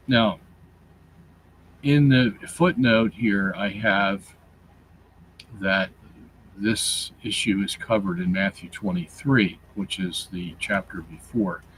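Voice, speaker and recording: A man hosting a show, explaining scripture and its Greek grammar in a deliberate, teacherly way, with fillers and repeated words. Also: fairly low pitch, steady tone, fairly bright tone, a little hiss or hum, poor audio. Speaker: show host reading his Bible commentary.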